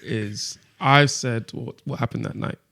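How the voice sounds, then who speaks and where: A young man hosts a casual podcast chat and presses his co-hosts with steady, persistent questions. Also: mid-range voice, measured pace, gravelly. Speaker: podcast host leading discussion.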